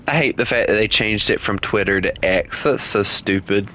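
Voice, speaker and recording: A man's voice: lowish voice, moderate pace, few pauses, pushed and bright, slight background noise. A man streaming a game, chatting casually with his viewers, teasing them and laughing often. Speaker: gaming streamer. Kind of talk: casual live-stream chat while playing.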